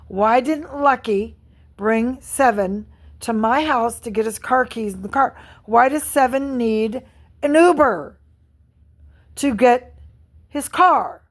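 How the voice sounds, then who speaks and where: Middle-aged woman vlogger, slightly high voice, furious profane rant. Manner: angry, profane, repetitive venting. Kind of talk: ranting vlog monologue.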